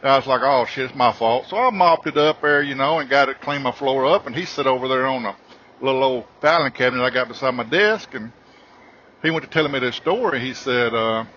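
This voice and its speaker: A man's voice: mid-range voice, a little fast, pushed and bright, lo-fi sound, a little hiss or hum. Profane, rambling man spinning a comic tale. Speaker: podcast host. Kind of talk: comic storytelling.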